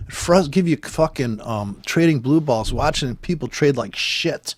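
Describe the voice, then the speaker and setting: A man's voice: mid-range voice, lively intonation, unhurried, hardly any pauses, no room sound, clean studio sound. A man giving profane, sarcastic, exasperated commentary on trading charts while scrolling through them. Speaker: trader commenting on price charts.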